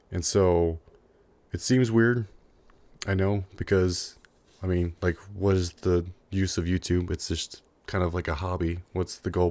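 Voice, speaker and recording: A man's voice: low-pitched, darkish tone, no echo. A young man in a casual, unscripted vlog, rambling earnestly with lots of fillers, a little out of breath. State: slightly out of breath, chewing a cough drop. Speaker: YouTuber.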